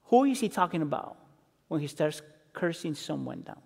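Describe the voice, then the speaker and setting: A man preaching a sermon, acting out quoted lines and building intensity before dropping low and quiet. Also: normal speed, gravelly, breathy edge. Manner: expressive, acts out quotes, builds intensity then drops low. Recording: reverberant hall.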